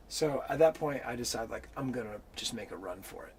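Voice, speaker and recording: A man telling a story in an interview, animated and swearing freely as he acts out the people in it. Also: medium pitch, brisk, slight background noise. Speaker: interview guest. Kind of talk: casual storytelling.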